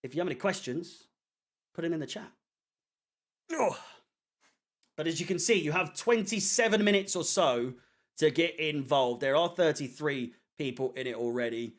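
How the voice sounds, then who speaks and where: A man talks casually to a live chat, loose and rambling with plenty of ums. His voice sits a little high for a man. He swears offhandedly as he goes. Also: moderate pace, long pauses. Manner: rambling, chatty, swears casually, many fillers. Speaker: fan channel watchalong host. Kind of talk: casual live-stream chat reading comments.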